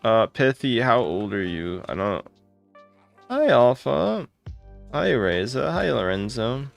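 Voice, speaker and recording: Gravelly-voiced man chatting on a live stream. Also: mid-range voice, takes it slowly, soft background music. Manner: greets viewers by name, excitable and gushing. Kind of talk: casual live-stream chat.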